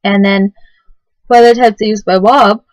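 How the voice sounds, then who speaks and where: A tired woman telling her own story in a halting way, with many fillers and restarts. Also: medium pitch, fairly even intonation, no room sound, rough recording. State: tired, yawning. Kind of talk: personal testimony to camera.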